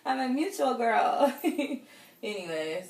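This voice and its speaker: A woman's voice: fairly high pitch, sing-song, slow pace, darkish tone. A woman in her thirties casually telling a personal story, rambling with lots of fillers. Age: 30s. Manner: chatty, rambling, many fillers and laughs. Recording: roomy echo, distant from the mic, faint noise.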